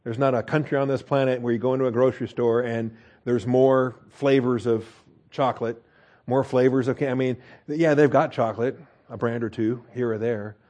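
With a medium-pitched, steady, slightly mellow voice at a moderate pace, an American man leads a casual verse-by-verse Bible study. He uses lots of fillers, restarts, and "okay?" checks.

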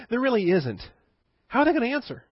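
A man's voice: very high-pitched, slightly rough, no echo, highs cut off. A male pastor preaching a sermon in a conversational teaching manner, asking rhetorical questions and chuckling.

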